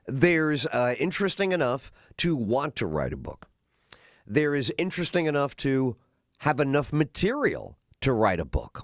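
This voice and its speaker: Middle-aged male talk host, rambling monologue, very lively pitch, dry booth sound. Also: moderate pace, dry recording. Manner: rambling, animated, acts out voices of others. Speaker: radio talk show host. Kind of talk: casual monologue.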